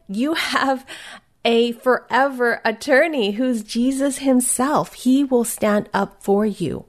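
A woman leading a guided Christian devotional meditation in a gentle, soothing and reflective way. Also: fairly high pitch, slow pace.

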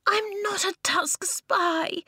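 A woman voicing an earnest young girl who is quick to defend herself, in a breathy, near-whispered storybook reading. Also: high voice, bright, forceful tone, no room sound, clean studio sound, voice pushed up. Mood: indignant.

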